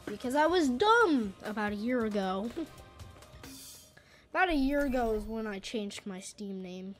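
Brief: young woman game streamer, high voice, unhurried, chatty and self-mocking, faint music underneath. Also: expressive. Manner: chatty, self-deprecating, sudden loud exclamations. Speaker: gaming channel host. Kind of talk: casual gameplay commentary. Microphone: boom arm studio mic.

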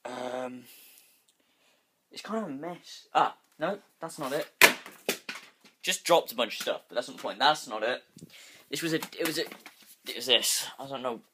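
A man's voice: medium pitch, normal speed, pauses often, background noise. A young man vlogging on a handheld phone at home, rambling and restless and swearing freely. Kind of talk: casual vlog. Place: bedroom at home. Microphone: phone held in hand.

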